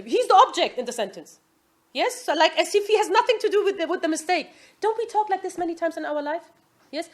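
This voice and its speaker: High-voiced woman teaching an Islamic class. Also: quick pace. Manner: asks the class "Yes?" often, lively quoting. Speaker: religious teacher.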